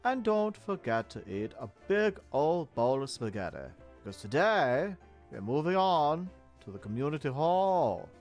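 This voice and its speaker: Man, game host in a mayor persona: pompous and showy, pitch bouncing all over. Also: big pitch swings, a little slow, a little mellow, soft background music. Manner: pompous, theatrical and self-admiring. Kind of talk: in-character game commentary.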